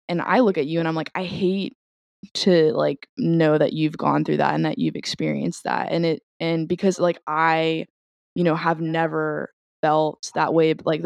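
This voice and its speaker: Woman podcast co-host, gravelly mid voice, dry sound, rambling and emotional. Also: low voice, dry recording. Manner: emotional, rambling, swears and laughs. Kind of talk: casual chat.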